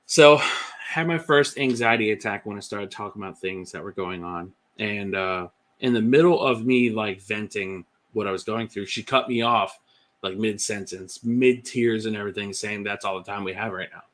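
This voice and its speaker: A man's voice: on the low side, normal speed, a bit bright. A man telling his own story as a podcast guest, candid and chatty with many fillers. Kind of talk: personal testimony.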